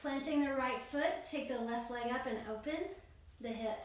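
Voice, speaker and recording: Woman yoga teacher for a guided class, high voice, steady pose-by-pose cueing, miked from a distance in a booming room. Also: normal speed. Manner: steady spoken cues for each pose and breath. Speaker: yoga instructor. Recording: very echoey room, voice far from mic.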